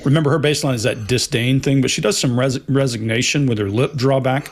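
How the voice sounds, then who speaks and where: A man's voice: mid-range voice, quick pace. A man with a Texan accent, a body language analyst, giving long-winded casual commentary on video clips.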